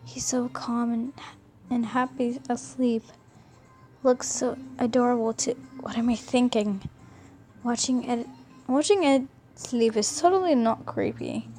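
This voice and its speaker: A woman's voice: on the high side, measured pace, mellow, faint music behind. A young woman casually reading a fan fiction story aloud, often stumbling and rereading words.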